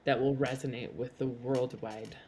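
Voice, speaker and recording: A middle-aged woman speaking as a podcast guest, earnest and animated, laughing at herself now and then. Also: a bass voice, normal speed, background noise. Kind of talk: candid conversational interview.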